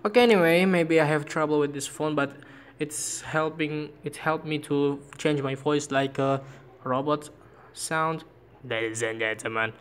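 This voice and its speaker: A man vlogging casually about phone apps, speaking halting English with frequent restarts and searches for words. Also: on the high side, fairly even intonation, clear, resonant tone. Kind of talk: casual phone-app vlog.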